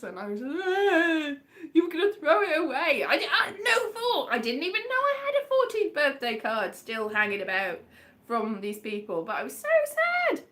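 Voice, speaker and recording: A woman's voice: a little high, sharp tone. A woman comedian with a West Country accent, rambling through a casual, self-deprecating livestream chat.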